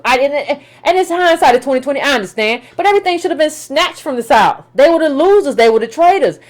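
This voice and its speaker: Here a woman with a high-pitched voice goes on a political rant, speaking emphatically and casually while doubling back on what she's said and lobbing rhetorical questions.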